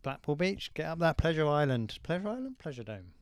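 A man co-hosting a casual chat show, joking and going off on quick tangents with crude humour. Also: fairly high pitch, lively intonation, clear, resonant tone, dry recording. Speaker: podcast co-host.

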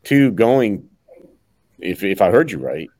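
A man's voice: fairly low pitch, big pitch swings, slow, a little mellow, no echo. A man hosting a podcast, asking his guest questions in a casual, reflective way. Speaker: podcast host.

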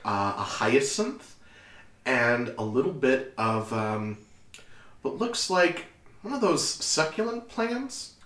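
A man's voice: mid-range voice, sing-song, takes it slowly, fairly bright tone, roomy sound. A man narrating a tabletop game as game master, playful and descriptive.

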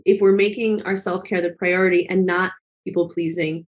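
A woman's voice: fairly low pitch, steady tone, normal speed, muffled recording. A woman talking as a guest in a casual conversation, earnest and reflective, with lots of fillers. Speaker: guest, travel vlogger.

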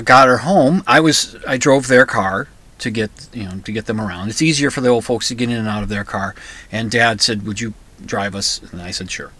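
A middle-aged man hosting a podcast, telling a personal family story in a halting way with many restarts. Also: medium pitch, bright, forceful tone. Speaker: podcast host. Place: comic book store.

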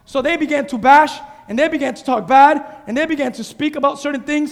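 A male pastor preaching an animated sermon, exhorting and calling out to his congregation. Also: extremely high pitch, fast talker, few pauses, long reverb tail. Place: church sanctuary.

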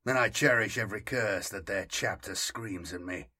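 A man voicing Talos, a haunted male warrior given to visions, with a calm, faltering delivery in an audiobook reading. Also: on the low side, moderate pace, breathy edge.

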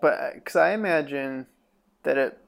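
A man's voice: on the high side, normal speed, vocal fry. A man hosting a podcast interview, asking long questions with several parts. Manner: asks long multi-part questions. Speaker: podcast host. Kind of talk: casual interview conversation.

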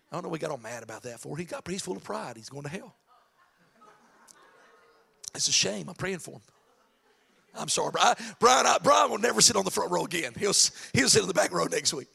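A man preaching a lively sermon, swinging from shouted, chanted lines to soft asides. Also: fairly high pitch, brisk, creaky, pauses often, slightly rough. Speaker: pastor. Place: church sanctuary.

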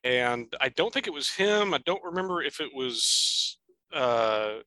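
A man's voice: mid-range voice, very animated, measured pace, bright, forceful tone, dry recording, low-quality recording. A man co-hosting a podcast, talking casually about an old film in a thoughtful, rambling way. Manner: thoughtful, rambling, with fillers and restarts. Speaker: podcast co-host.

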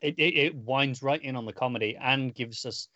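A man's voice: mid-range voice, pushed and bright, no room sound. A man co-hosting a casual comic podcast who talks with enthusiasm and keeps adding details. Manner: enthusiastic, quick to add details. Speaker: podcast co-host. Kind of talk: casual comic book discussion. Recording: dull lo-fi sound.

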